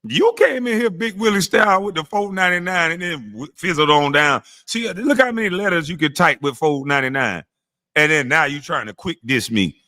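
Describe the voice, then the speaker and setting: Smoking through it, a man hosts a casual livestream where he roasts chat and trash-talks. He goes high when heckling and drops to a slow, low voice once he calms down.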